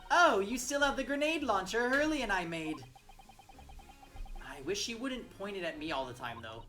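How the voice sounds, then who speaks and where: A woman voicing a sweet, earnest young girl in a game, pleading in a high voice. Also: expressive, moderate pace, a bit bright, soft background music, natural voice.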